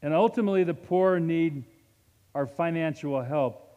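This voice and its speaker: A man preaching a sermon as a pastor, with dynamic delivery that swings from loud emphasis to hushed, slow moments. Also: on the high side, big-room sound, muffled recording.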